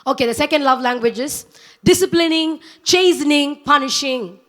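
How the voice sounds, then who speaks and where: A young woman with a very high voice preaches to a church congregation. She speaks earnestly and urges her listeners, and she repeats her key lines for emphasis. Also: moderate pace, a bit bright. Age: young adult. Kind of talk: sermon.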